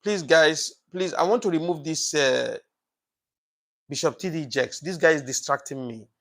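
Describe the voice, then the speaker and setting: A man's voice: on the high side, normal speed, fairly bright tone. A man hosting a casual live broadcast, thanking viewers by name and preaching passionately about politics, with many fillers and repeats. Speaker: live-stream host.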